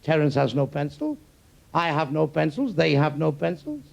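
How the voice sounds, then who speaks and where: A prim schoolmistress lectures her class in a raised, sing-song voice, her tone swinging widely up and down. A man with a gravelly voice acts her out. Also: low-pitched, very animated, normal speed, darkish tone, exaggerated voice.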